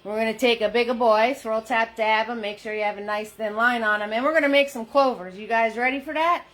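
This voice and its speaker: A woman's voice: on the high side, steady tone, a little fast, a bit bright, faint music behind. A woman hosting a live-streamed painting class, chatty and upbeat as she greets viewers by name, talking into a phone in a holder. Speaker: paint party host.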